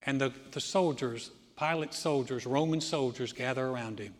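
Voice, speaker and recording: A man preaching a sermon as pastor, telling stories and swinging between loud emphasis and hushed, low lines. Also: normal speed, in a large hall.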